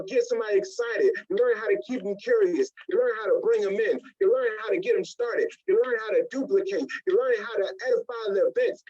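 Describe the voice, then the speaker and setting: A man's voice: high-pitched, muffled recording. A man leading a motivational business training, acting out little scenes in different voices as he goes. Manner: animated, acts out little scenes in other voices. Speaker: network marketing trainer.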